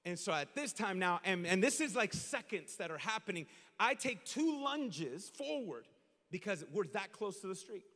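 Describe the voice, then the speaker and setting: A man preaching a sermon as pastor, talking casually to the congregation and telling stories with lively acted-out moments. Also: high voice, normal speed, big-room sound. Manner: animated storytelling, acts out shouts and quotes.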